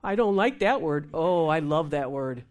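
A woman minister telling a lively testimony in conversation, acting out the voices of the people in her story and laughing as she goes. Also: sits low, normal speed. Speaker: Christian minister. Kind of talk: testimony talk show conversation.

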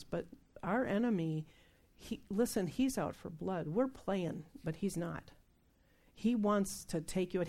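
A woman's voice: fairly low pitch, dark tone. A woman preaching a sermon in a conversational, emphatic storytelling manner.

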